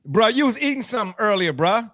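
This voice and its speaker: High, bright-voiced man hosting sports talk. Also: fast talker, dry recording, clean studio sound. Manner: teasing, animated, laughs often. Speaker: sports talk show host. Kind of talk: casual sports chat.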